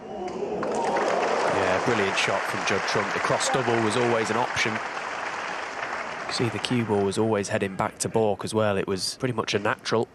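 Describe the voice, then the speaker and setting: A man who once played the sport, giving measured, analytical commentary. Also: on the low side, big pitch swings, over a noisy crowd, heavy background noise.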